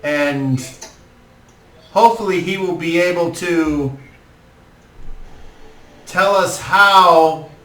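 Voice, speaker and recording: A man voicing a gracious noble lord hosting a feast, speaking formally with halting pauses. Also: on the high side, fairly bright tone, pitched above the performer's own voice. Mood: proclaiming. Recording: roomy, distant mic, faint music.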